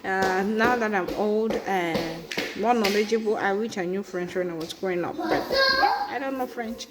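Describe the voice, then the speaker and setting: A woman from Cameroon with a Cameroonian accent, vlogging in a chatty way, often asking "right?" and filling pauses with "um". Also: mid-range voice, very noisy. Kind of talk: casual personal vlog.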